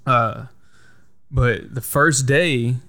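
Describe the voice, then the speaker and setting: A man's voice: mid-range voice, very slow, fairly bright tone. A young man hosts a laid-back podcast in an ordinary mid-range voice. He tells his stories with heat and plenty of swearing, and he talks like he's among friends. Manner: profane, heated storytelling. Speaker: podcast host. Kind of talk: casual podcast chat.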